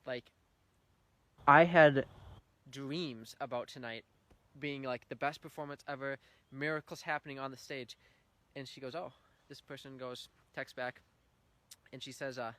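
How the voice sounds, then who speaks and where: A man's voice: medium pitch, fairly even intonation, a little slow, long pauses, a bit bright. Earnest young man sharing his testimony. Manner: earnest, heartfelt storytelling with emotional swells. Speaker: church member giving testimony. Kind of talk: personal faith testimony.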